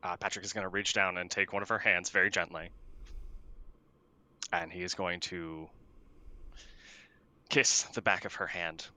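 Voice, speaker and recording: Deep, bright-toned man, quiet and earnest. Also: flat delivery, normal speed, pauses often. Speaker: player. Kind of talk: in-character tabletop role-play.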